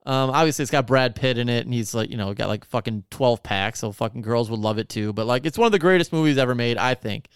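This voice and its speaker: A man's voice: mid-range voice, fast, hardly any pauses, clear, resonant tone, no echo, clean studio sound. A man in casual chat, telling stories in a profane, sarcastic rant. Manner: profane, ranting, sarcastic storytelling.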